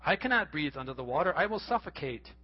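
A man's voice: a little high, sing-song, fast talker, long reverb tail, muffled recording. A man voicing a timid, tender young woman in heaven, speaking earnestly and pleadingly. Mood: anxious.

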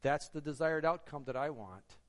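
A man's voice: a little high, lively intonation, normal speed. A man preaching a sermon, earnest and exhorting, asking the congregation rhetorical questions. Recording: long hall reverb.

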